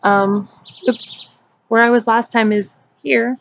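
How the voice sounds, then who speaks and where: A woman's voice: a little high, steady tone, slow, dull audio. A woman hosting a casual cross-stitch vlog outdoors in her backyard, chatting loosely and wandering off topic. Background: birds singing.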